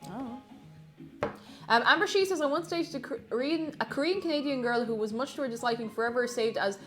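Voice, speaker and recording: A young Irish woman talks fairly quickly in a high-pitched voice over music while streaming from home. She casually reads viewers' comments, giggling a lot and wandering off into rambling asides.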